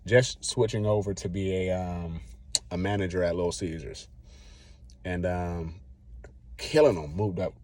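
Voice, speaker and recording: A man's voice: sits low, a little mellow. A man vlogging, telling a personal story in a casual, rambling way, acting out what he said back then in slangy talk. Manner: rambling, acts out his own past lines.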